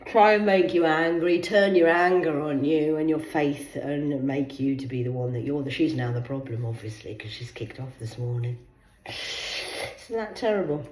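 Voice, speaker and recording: A woman telling a rambling personal story in a vlog, swearing freely and swinging between loud bursts and muttered asides. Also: sits low. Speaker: vlogger. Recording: echoey room.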